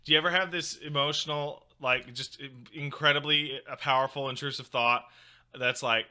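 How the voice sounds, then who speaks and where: A young co-host talks loosely and rambles, telling stories with a deadpan touch. His voice is bright and sharp, sitting at a middle pitch for a man. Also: moderate pace, clear, resonant tone. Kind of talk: casual chat.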